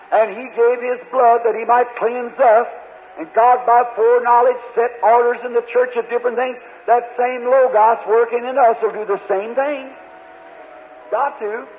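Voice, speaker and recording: High-voiced preacher, old tinny hall tape. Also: male voice. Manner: earnest storytelling, quotes characters, halting restarts. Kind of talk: sermon. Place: large church hall.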